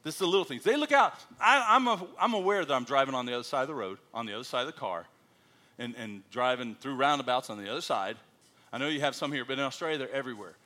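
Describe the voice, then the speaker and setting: A man's voice: mid-range voice, fast. A middle-aged American man, a missionary, telling stories to a church congregation. He acts out the quoted lines in a joking voice. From United States. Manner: animated storyteller, acting out quotes with a jokey voice. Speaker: missionary speaker.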